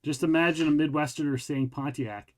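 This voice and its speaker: A man with a slightly high voice hosts a relaxed, joking chat. He reads items aloud in an easy, offhand way and breaks off now and then to greet viewers. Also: a little fast. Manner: laid-back, joking, reads lists aloud. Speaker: host. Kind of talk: casual chat.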